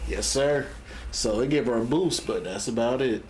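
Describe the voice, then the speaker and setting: A man co-hosting a reaction video, chatting casually in quick, slangy banter. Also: mid-range voice, darkish tone, roomy sound, slight background noise. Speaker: co-host reacting. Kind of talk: casual chat.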